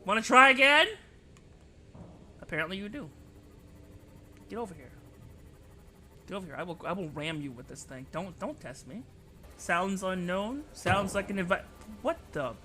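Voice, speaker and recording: Excitable high-pitched male streamer. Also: normal speed, pauses often, a little hiss or hum. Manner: excitable, yelling and bantering with chat. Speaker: VTuber streamer. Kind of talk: live gaming stream chat.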